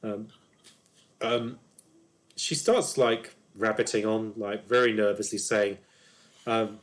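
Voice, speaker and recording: A man's voice: fairly low pitch, little pitch movement, slow, pauses often. Man running a tabletop game. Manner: loose, hesitant narration with many fillers. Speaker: game master.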